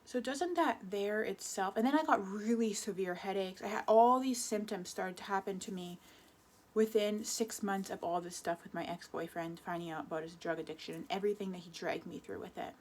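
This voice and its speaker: A woman's voice: mid-range voice, a little fast, a little mellow. A woman in her twenties speaks in a personal confessional vlog. She rambles and restarts her sentences often. Her delivery is emotional throughout. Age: 20s. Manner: rambling, self-correcting, emotional. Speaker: vlogger.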